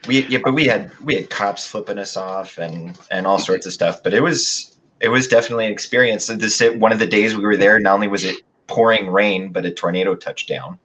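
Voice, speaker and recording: A man's voice: lowish voice, brisk, hardly any pauses, fairly bright tone, a little hiss or hum, poor audio. A man as a guest in a casual chat, telling stories with many fillers and restarts. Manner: rambling, hesitant with many fillers.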